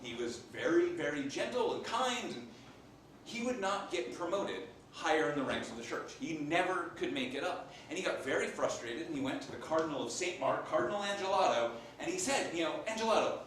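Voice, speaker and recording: A man doing a comic in-character monologue as an improv performer, an animated storyteller playing a Renaissance papal scribe. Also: a little high, fairly quick, a little hiss or hum. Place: live theater stage. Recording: echoey stage from far off.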